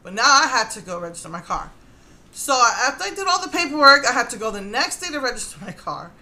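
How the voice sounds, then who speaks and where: A woman in her thirties telling a chatty story in a casual vlog, animated and laughing often. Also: fairly high pitch, quick pace. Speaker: vlogger.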